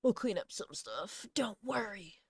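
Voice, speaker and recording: A woman's voice: medium pitch, lively intonation, a little slow, a little mellow, husky, dry recording. A woman streaming live, chatting casually to her viewers in a laid-back, rambling way, swearing now and then. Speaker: livestreamer.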